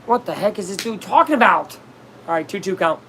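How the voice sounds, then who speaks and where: A man casually commenting on a baseball game on a live stream, chatting with viewers and reacting loudly to plays. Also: high-pitched, expressive, brisk, slight background noise.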